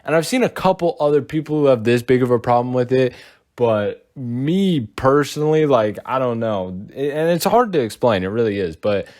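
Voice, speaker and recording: A man's voice: mid-range voice, lively intonation, moderate pace, darkish tone. A young man giving casual reaction commentary, rambling with lots of fillers and calling his viewers bro and dude. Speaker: commentary youtuber.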